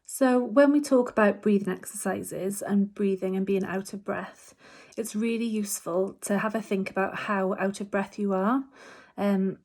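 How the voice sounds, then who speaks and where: A woman's voice: medium pitch, steady tone, normal speed. Reassuring woman explaining breathing exercises. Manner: gentle, reassuring, explanatory with frequent fillers. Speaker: hospice physiotherapist. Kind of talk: instructional talk to patients. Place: home.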